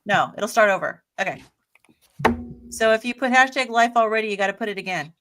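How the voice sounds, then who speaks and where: A woman's voice: medium pitch, animated, fairly quick, fairly bright tone, faint music behind. A woman chatting enthusiastically as a co-host on a casual live Q&A.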